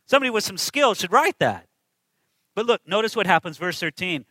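A man's voice: high voice, very animated, fairly quick, bright, forceful tone, dry recording, low-quality recording. A man preaching a sermon, emphatic and full of rhetorical questions to his listeners.

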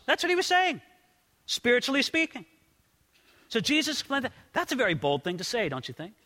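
Male pastor, high bright voice, earnest sermon delivery with stammered restarts, long church reverb. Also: wildly swooping pitch, a little fast, pauses often. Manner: earnest, repeats words when starting sentences. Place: church sanctuary. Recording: long reverb of a large hall.

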